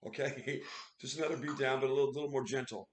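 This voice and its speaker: Excitable male streamer, casual commentary, recorded in an echoey room. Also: medium pitch, quick pace. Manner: excitable, exclaiming, laughing often. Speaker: livestream host.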